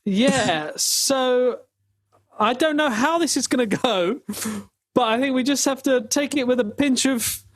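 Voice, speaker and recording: A man hosts a casual podcast, chatting and laughing as he rambles. His voice sits high for a man, and he trips over himself when he explains things. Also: measured pace. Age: 30s. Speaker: podcast host. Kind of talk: casual chat.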